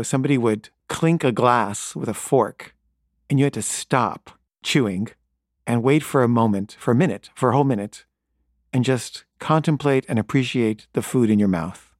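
A man's voice: mid-range voice, darkish tone, no room sound, clean studio sound. A man telling a wry, exasperated story in a casual monologue.

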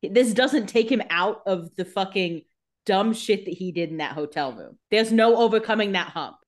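A woman's voice: mid-range voice, animated, moderate pace. Sarcastic woman joking about a show. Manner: sarcastic, joking commentary with swearing. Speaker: podcast co-host. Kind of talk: casual recap chat.

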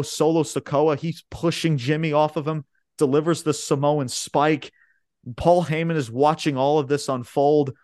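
A man co-hosting a podcast in casual chat, excitably retelling events in a rambling way, swearing often and calling listeners "bro" and "man". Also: on the high side, no echo, clean studio sound. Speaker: podcast co-host.

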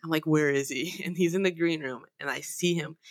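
A woman musician telling a story in casual talk, animated, emphatic and full of swearing. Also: low-pitched, fairly quick, no echo. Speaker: singer and guitarist.

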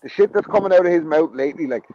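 A man rants on a boxing podcast, exasperated and sweary, his voice a little high. The sound is dull, with clear noise behind it. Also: racing. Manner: exasperated ranting. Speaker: podcast co-host. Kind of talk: casual boxing chat.

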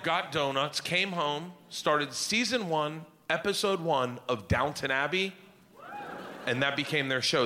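A man in his forties telling profane family stories as stand-up comedy, animated and prone to loud outbursts. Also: mid-range voice, slight background noise.

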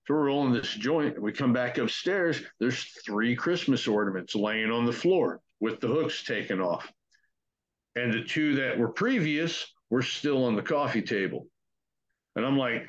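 A man's voice: medium pitch, animated, normal speed. Man telling a swearing, casual ghost story. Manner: profane, conversational, acts out quotes. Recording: dull lo-fi recording.

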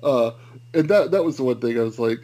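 Animated Southern man co-hosting. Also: mid-range voice, fairly quick, poor audio. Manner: animated, joking complaints. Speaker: podcast co-host. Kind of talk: casual chat.

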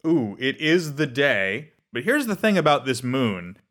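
A man's voice: medium pitch, big pitch swings, fairly bright tone. A man running a tabletop game as game master, narrating playfully over background music. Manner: playful, doing quick character voices.

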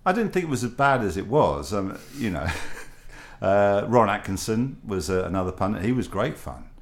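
A man's voice: lowish voice, sing-song, moderate pace. An older man, a guest telling wry, self-deprecating stories with rambling asides. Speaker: guest, former football broadcaster. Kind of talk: anecdotal storytelling.

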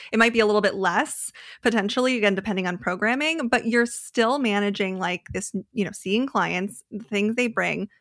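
A woman's voice: medium pitch, no room sound. Chatty woman co-host, dry close sound. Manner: chatty, lots of likes, excited realizations. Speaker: podcast co-host, therapist. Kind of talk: casual podcast conversation.

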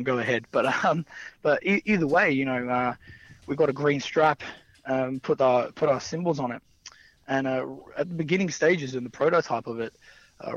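A man's voice: medium pitch, no room sound. Rambling young man, dull dry sound. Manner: rambling, laughs often, many fillers. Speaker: wrestler guest. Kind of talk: casual anecdotal storytelling.

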